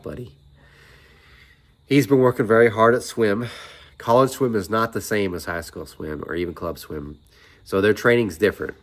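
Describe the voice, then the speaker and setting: A middle-aged man chats to his viewers in a loose, rambling way. His voice sits low and deep. He drifts from one aside to the next like he's talking with a friend. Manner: rambling, chatty storytelling with asides. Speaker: vlogger. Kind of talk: casual chat.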